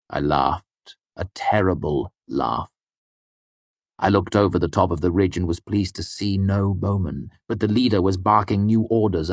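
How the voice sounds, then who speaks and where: Deep-voiced man narrating a grim tale. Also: no echo. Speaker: audiobook narrator. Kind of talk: first-person fantasy narration.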